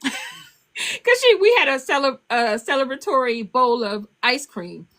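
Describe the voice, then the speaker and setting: An older woman, an author, telling stories on a podcast interview in a casual, animated way, laughing as she goes. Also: normal speed. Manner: animated, laughing, acts out quotes in a high child voice. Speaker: author and guest.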